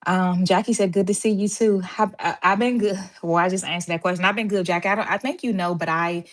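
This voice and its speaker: A woman's voice: lowish voice, fairly even intonation, fast. A woman from Washington, D.C. hosting a casual live stream, greeting viewers by name and a little out of breath after running downstairs. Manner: chatty, greets viewers by name, says y'all. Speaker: host of a live stream for medical assistants. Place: home.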